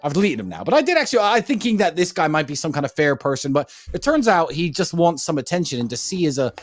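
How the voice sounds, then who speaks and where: A man's voice: on the high side, very animated, fast, dry recording, clean studio sound, faint music behind. A man from Luton ranting combatively on a talk show, boastful and insulting. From Luton, England.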